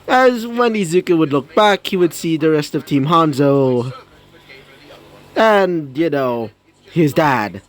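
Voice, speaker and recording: A man's voice: on the high side, animated, takes it slowly. A man improvising a fan story as narrator, rambling with many fillers and self-corrections.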